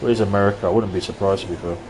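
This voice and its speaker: A man's voice: low voice, steady tone, very fast, noisy background. A man from London chatting casually and ranting in asides while live-streaming a retro game at his desk mic.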